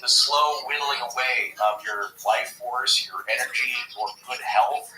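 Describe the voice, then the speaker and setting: A man's voice: mid-range voice, a little slow, bright, forceful tone, reverberant, distant mic, slight background noise, poor audio. A man talking casually on a podcast, rambling and acting out quoted lines as he goes. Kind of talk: casual chat about movies and the paranormal.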